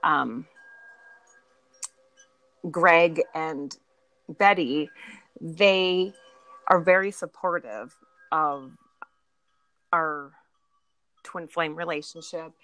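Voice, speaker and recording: A woman's voice: on the low side, no echo, poor audio. A woman chatting on a podcast as a guest, telling stories and acting out the people in them. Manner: animated storyteller, acts out quoted friends. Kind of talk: casual chat.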